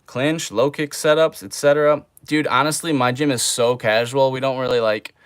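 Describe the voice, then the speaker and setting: A man's voice: medium pitch, steady tone, moderate pace, clean tone, no room sound. Chill young guy on a livestream, drawly and easygoing, dry close sound. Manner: laid-back, drawls, says man and bro a lot. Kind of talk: casual livestream chat.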